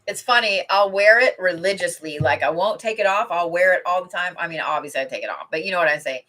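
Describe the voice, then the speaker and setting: A woman's voice: fairly low pitch, lively intonation, fast, a bit bright, a little hiss or hum. A middle-aged woman chatting casually on a livestream from home, rambling and swearing freely as she reads cards. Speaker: intuitive card reader. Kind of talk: casual livestream chat with card reading.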